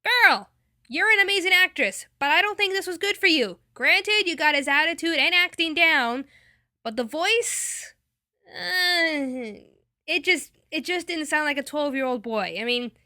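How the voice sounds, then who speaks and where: A woman's voice: high-pitched, animated, a little slow, sharp tone, no room sound, studio quality. A woman reviewing an anime dub in a casual, enthusiastic, chatty way.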